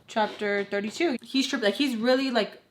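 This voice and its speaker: A young woman telling a personal story in a casual, animated storytime chat, packed with "like" and acting out what people said. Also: fairly high pitch, moderate pace, a little hiss or hum. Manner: chatty, animated, heavy filler "like", acts out quoted voices. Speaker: storytime vlogger.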